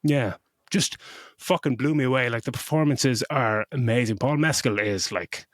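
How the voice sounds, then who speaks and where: A man's voice: mid-range voice, moderate pace, no room sound, studio quality. A middle-aged man co-hosting a podcast, gushing about a film in casual chat, swearing freely and tripping over restarts. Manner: emotional when retelling scenes. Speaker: podcast co-host.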